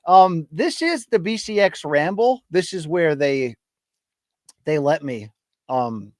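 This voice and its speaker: A man's voice: a little high, expressive, takes it slowly, dry recording, studio quality. A middle-aged man from the US East Coast hosting a casual solo livestream ramble, chatty and self-deprecating, hyping up his chat. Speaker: podcast host. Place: home studio. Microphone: studio mic.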